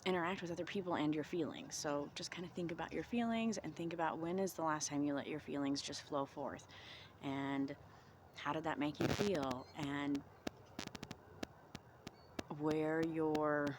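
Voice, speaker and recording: A woman vlogging outdoors in the cold, talking through reflective self-help questions in a gentle, encouraging way. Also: sits low, measured pace, pauses often, background noise.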